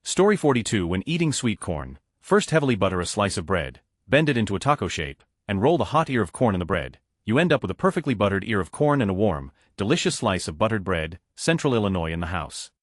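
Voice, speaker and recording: A man's voice: lowish voice, sing-song, quick pace, hardly any pauses, no room sound, clean studio sound. A man reading numbered online stories aloud as scripted narration. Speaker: narrator of reader posts.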